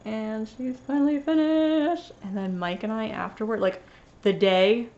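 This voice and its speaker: A woman's voice: a little high, steady tone, measured pace, a little mellow, muffled recording. Rambling woman with a slight lisp. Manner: rambling, many fillers and restarts, gushing. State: sniffly after sneezing. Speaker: cross-stitch vlogger. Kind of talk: casual show-and-tell chat.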